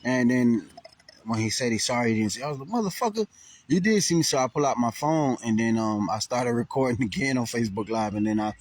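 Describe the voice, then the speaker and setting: A man's voice: medium pitch, fairly quick, dry recording. A man casually telling a rambling, profane story to camera with lots of restarts and fillers. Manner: rambling, profane, animated retelling with many restarts. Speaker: vlogger. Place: near Burlington, Vermont.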